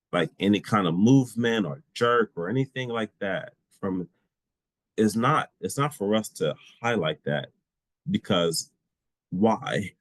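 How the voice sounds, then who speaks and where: A man's voice: low voice, no echo. A man leading a disability awareness training session, telling personal stories in an easygoing way with fillers. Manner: relaxed storytelling with frequent fillers and laughs.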